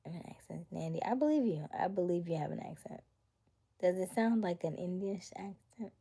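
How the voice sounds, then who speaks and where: Speaking a little fast with lively intonation, a young woman hosts a casual livestream and reads out chat comments. Her lowish voice is warm and slightly rough, and her chatty talk at times drops to a whisper.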